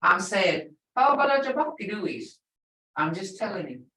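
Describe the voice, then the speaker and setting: A patient middle-aged woman teaches slowly, repeating each word so learners can follow. Her voice sits at a middle pitch. She sounds set back from the microphone in an echoey room. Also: sing-song, pushed and bright. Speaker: language teacher. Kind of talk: live online language lesson. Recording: echoey room, far from the mic.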